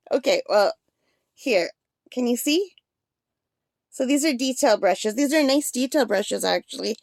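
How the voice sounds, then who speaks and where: A woman's voice: on the high side, lively intonation, a little slow, vocal fry, pauses often, a little mellow, no echo. A woman chatting casually through an art supply unboxing, rambling with fillers while she has the hiccups.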